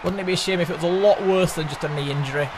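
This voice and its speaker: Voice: medium pitch, very fast, background noise. A player commentating on a wrestling video game, full of exclamations and mock outrage. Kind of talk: excited let's-play commentary.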